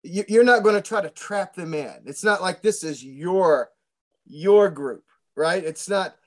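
High-voiced pastor, earnest. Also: male voice, a little slow. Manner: earnest, preacherly, repeats words. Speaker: pastor and guest interviewer. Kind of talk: casual conversation.

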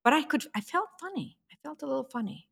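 Woman in her 60s, podcast co-host, bright tone, chatty and fussing. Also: high voice, lively intonation, fast, vocal fry. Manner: chatty, keeps protesting to stop. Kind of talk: casual podcast chat.

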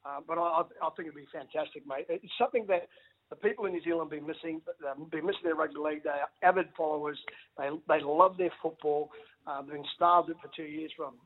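Excitable man on a phone line. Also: a little high, fast talker. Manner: excitable, stammering restarts, says mate a lot. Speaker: former rugby league player, guest. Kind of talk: casual radio phone interview.

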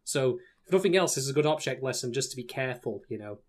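A man co-hosting a chatty podcast, speaking in a measured, thoughtful way. He teases his partner and addresses the listeners directly as folks. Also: medium pitch, animated. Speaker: podcast co-host. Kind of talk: casual podcast chat.

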